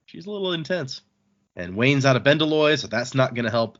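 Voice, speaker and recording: Animated man retelling a story. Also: medium pitch. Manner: retells scenes, quoting characters in quick asides. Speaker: podcast host summarizing chapters. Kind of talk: casual chat, retelling a story. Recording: dull, muffled podcast audio.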